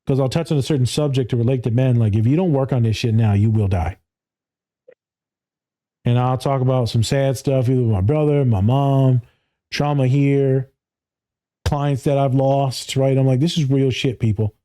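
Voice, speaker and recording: On a podcast, a man in his thirties who works as a therapist talks casually and bluntly, with profanity, frequent laughter and voices when quoting people. His voice is medium-pitched and mellow, at normal speed.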